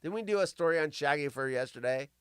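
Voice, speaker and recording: Male live-show host; clear, smooth voice swinging wide in pitch, crude self-mocking humor. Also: expressive, fast, no room sound, clean studio sound. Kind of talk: live comedic news chat.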